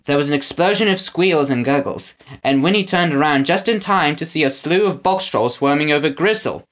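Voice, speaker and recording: A man narrating a children's audiobook with an expressive reading. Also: a little high, a little fast. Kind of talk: storybook narration.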